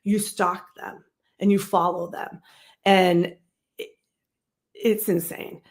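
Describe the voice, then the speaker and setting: A woman's voice: lowish voice, level tone, takes it slowly. A woman hosting her own live stream, talking casually and rambling, with frequent restarts and asides to the chat. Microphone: streaming setup.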